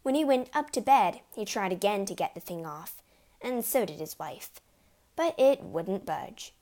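A woman reads a storybook aloud in an expressive, lively manner. Her pitch sits in the middle range, and she keeps the telling animated and clear. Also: unhurried. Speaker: narrator. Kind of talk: storybook reading.

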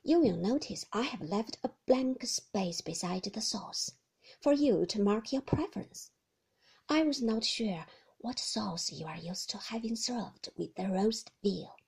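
A woman voicing a cold, formal housekeeper who speaks in a low, measured, half-whispered way in a storybook reading. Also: lively intonation, creaky, a little mellow, breathy edge, heavily acted.

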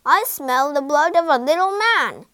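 A woman's voice: high voice, animated, moderate pace, fairly bright tone, no echo, studio quality, pitched above the performer's own voice. A woman voicing a huge, greedy male giant who bellows his lines in a storybook reading. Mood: booming. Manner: bellowing, roaring commands. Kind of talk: storybook character voice.

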